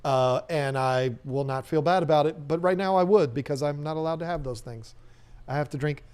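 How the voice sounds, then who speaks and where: A man hosts a live stream, reading viewer comments and riffing on them in a loose, joking way. He rambles and restarts his sentences as he goes. His voice sits a little high for a man. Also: brisk, a little mellow, clear, resonant tone.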